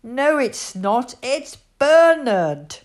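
A woman voicing a cheeky, boisterous little boy in a storybook, loud and bossy. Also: high-pitched, very animated, very slow, voice pushed up, exaggerated voice.

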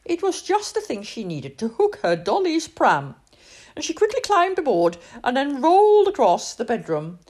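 A woman reading a children's storybook aloud in an expressive, sing-song way. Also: sits high, normal speed.

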